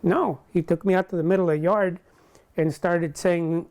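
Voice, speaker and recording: An older man being interviewed, recounting a personal story in a halting way, full of restarts. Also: high-pitched, fairly even intonation, darkish tone. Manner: halting, with many restarts and quoted dialogue.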